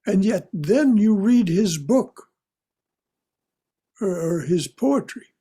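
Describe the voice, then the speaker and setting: A man leading an online spiritual class, telling stories and reading poetry slowly with emphasis. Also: high voice, lively intonation, dark tone, slightly rough. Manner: storytelling, emphatic, slow on poetry. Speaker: class leader.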